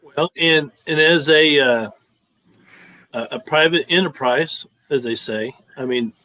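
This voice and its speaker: A man hosting a sports talk show, giving measured, matter-of-fact opinions. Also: fairly high pitch, sharp tone, no room sound, rough recording.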